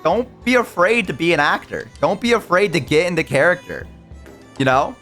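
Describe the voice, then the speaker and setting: A man's voice: high-pitched, sing-song, moderate pace, fairly bright tone, faint music behind. A man streaming live, talking casually and rambling as he answers chat mid-sentence.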